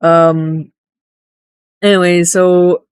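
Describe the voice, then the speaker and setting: A woman's voice: on the low side, little pitch movement, drawn-out words, a little mellow, clean tone, no echo. A woman casually retelling a tabletop game session, rambling with many restarts and fillers. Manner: rambling, full of restarts and "you know".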